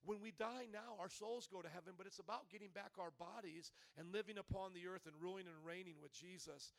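A man preaches a sermon at a church service, and his voice sits unusually high for a man. He teaches calmly at first, then builds into loud preaching where he stretches his words out. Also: a little fast, vocal fry. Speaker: pastor.

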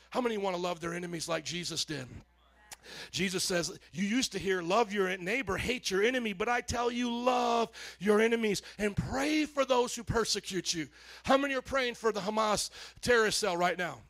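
A male pastor preaching a sermon to his congregation, animated, calling out to the audience and rising to shouts. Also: high-pitched.

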